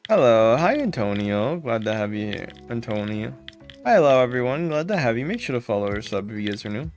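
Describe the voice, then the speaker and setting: A man's voice: mid-range voice, sing-song, brisk, a little mellow, soft background music. A man streaming a game live, chatting casually and greeting viewers by name with repeated thanks.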